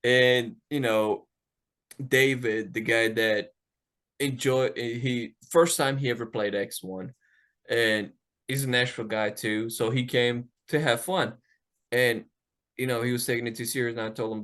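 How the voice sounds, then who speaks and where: A man hosting a podcast, telling a casual story in an animated way, swearing freely and acting out the quotes. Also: mid-range voice, a little slow. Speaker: podcast host.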